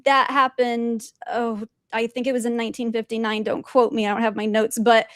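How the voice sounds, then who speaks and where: Animated woman telling a spiritual story. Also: on the high side, normal speed, no room sound, clean studio sound. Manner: animated, laughs often, acts out quotes. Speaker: spiritual guest. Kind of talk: storytelling in conversation.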